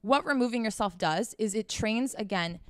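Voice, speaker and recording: Woman podcast host, middle pitch, smooth and clear voice, dry close sound; blunt, profane, emphatic advice delivery. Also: moderate pace, no echo. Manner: direct, talks straight to the listener with repeated "okay?". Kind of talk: casual advice monologue.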